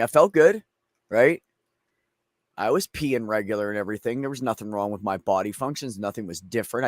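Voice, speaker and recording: Man, casual host, rambling and swearing, dry close mic, mid-pitched. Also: no room sound. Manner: rambling, profane storytelling. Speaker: streamer host. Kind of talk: casual chat.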